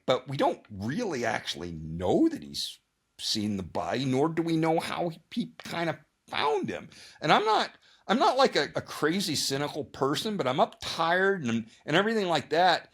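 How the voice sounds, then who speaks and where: Guest male, lively swinging intonation, rambling storyteller full of restarts. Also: fairly high pitch, moderate pace, breathy edge. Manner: rambling, animated, many restarts and repeated words; acts out his own thoughts and others' lines in voices. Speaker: guest ultrarunner. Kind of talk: casual storytelling interview.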